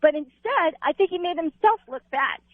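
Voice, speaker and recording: Female caller, high and forceful, coming through a thin phone line. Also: animated, normal speed, no echo. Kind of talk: call-in radio opinion.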